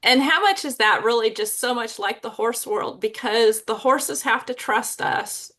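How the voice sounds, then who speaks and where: A woman with a high, bright voice hosts a podcast. She speaks in a heartfelt, openly emotional way to her guests. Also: measured pace. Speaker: podcast host. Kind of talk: casual interview chat.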